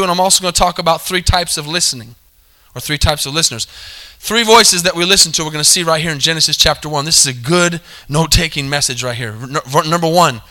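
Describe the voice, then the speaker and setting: A pastor delivers a sermon in a slightly high, bright, forceful voice. He calls out for amens, repeats his points, and corrects himself mid-sentence.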